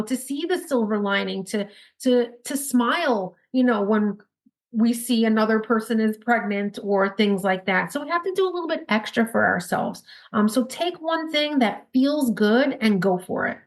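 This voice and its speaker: A woman with a New York accent, a guest in a casual podcast interview, talking quickly and upbeat with frequent laughs. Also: on the high side. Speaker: podcast guest, spirit baby intuitive.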